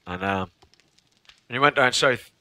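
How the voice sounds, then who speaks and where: A man's voice: mid-range voice, unhurried, bright, forceful tone, no room sound. A man from Northern Ireland with a Northern Irish accent, chatting casually on a game stream, telling stories animatedly, laughing often and repeating phrases for effect. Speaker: live streamer.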